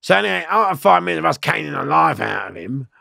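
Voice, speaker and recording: A middle-aged man with a heavily gravelly voice that swings widely up and down as he tells his story. He swears freely and acts out other people's lines. The sound is close and dry, with no room behind him. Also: a little high, big pitch swings, fast, pushed and bright, no room sound. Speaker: interview guest. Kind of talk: animated storytelling.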